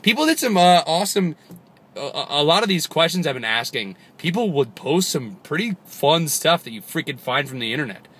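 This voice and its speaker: A young man rambles to camera in a goofy comedic vlog. His voice is bright and forceful and sits a little high. He keeps leaping up into squeaky yelps and silly voices. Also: very animated, fairly quick, breathy edge. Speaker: vlogger.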